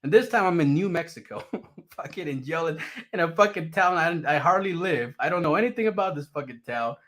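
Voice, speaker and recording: A man's voice: fairly high pitch, brisk. A man telling a personal story in a casual, profane and dramatic way. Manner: profane, animated, dramatic retelling.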